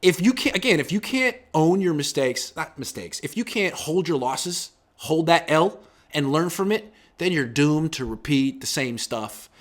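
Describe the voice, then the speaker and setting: A man in his thirties hosting a casual sports talk show, animated and acting out quotes in swinging voices. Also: on the high side, moderate pace, few pauses.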